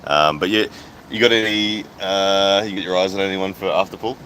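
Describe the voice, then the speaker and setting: A man's voice: sits low, fairly even intonation, normal speed, sharp tone, slight background noise, poor audio. A man hosting a casual livestream, reading out viewer comments as he chats. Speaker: livestream host. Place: outdoors at a hotel poolside.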